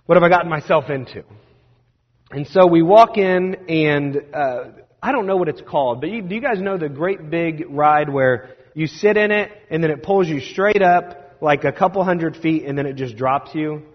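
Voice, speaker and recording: A man preaching a sermon, telling a self-deprecating personal story in a lively way. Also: a little high, normal speed. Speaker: pastor. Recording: dull sound with long hall reverb.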